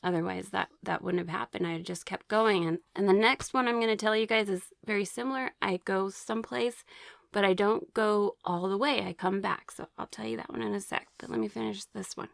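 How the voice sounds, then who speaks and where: A woman's voice: medium pitch, steady tone, a little fast, no echo, studio quality. Chatty woman recounting her experiences. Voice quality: occasional throat clearing. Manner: chatty, rambling with many fillers and restarts; reads aloud from her own notes. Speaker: vlogger sharing personal experiences. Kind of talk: casual personal storytelling.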